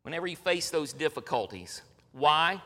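A bright, high-voiced middle-aged man preaching from the pulpit, pressing each point hard and repeating words for emphasis. His sermon rings out with the long reverb of a church sanctuary. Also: sing-song, moderate pace. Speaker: pastor.

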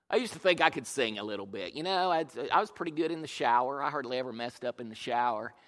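A man's voice: medium pitch, expressive, fairly quick, a bit bright. A man preaching a humorous sermon as pastor, telling jokey self-deprecating stories. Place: church. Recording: long reverb of a large church hall.

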